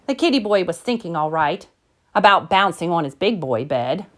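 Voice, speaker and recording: A woman narrating a rhyming children's picture book in a gentle, rhythmic storytelling manner. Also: fairly low pitch, very animated, moderate pace. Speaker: storybook reader. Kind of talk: scripted narration.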